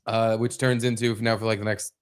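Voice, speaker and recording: A man's voice: flat delivery, fairly quick, smooth. A man in his thirties co-hosting a podcast, telling casual stories in a loose, rambling way. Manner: loose storytelling, mimics his toddler in high voices. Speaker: podcast co-host. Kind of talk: casual chat.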